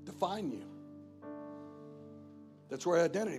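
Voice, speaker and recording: A man's voice: sits high, big pitch swings, unhurried, pauses often, soft background music. A man preaching a sermon as guest pastor, emphatic and repetitive, driving points home again and again. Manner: emphatic preaching with repeated phrases. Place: church.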